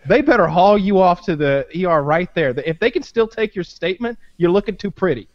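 A man's voice: high voice, animated, brisk, no room sound, dull audio. A man in casual, rambling podcast chat, swearing freely and leaning on fillers. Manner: profane, rambling, many fillers.

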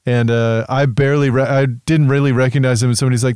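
A man's voice: mid-range voice, steady tone, quick pace, a little mellow, clean tone, no echo, studio quality. Rambling, swearing male podcast co-host. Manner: rambling storyteller, lots of fillers and restarts, swears. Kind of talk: casual podcast chat.

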